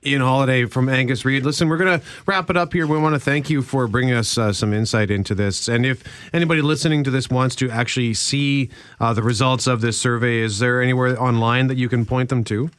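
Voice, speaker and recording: A man hosts talk radio in an upbeat, brisk style, rolling from one segment into the next with teasers. His voice sits mid-range and sounds close and dry. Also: mid-range voice, a bit bright, clear, resonant tone, no echo. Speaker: radio host.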